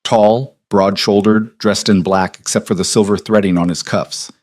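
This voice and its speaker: A man narrating a historical romance audiobook in an even, measured storytelling manner. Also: lowish voice, no room sound, studio quality.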